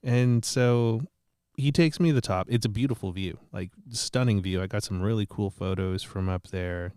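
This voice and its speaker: A man's voice: on the low side, moderate pace, dark tone, clear, resonant tone, no room sound, clean studio sound. A man telling a rambling, profane, self-mocking story in casual podcast chat.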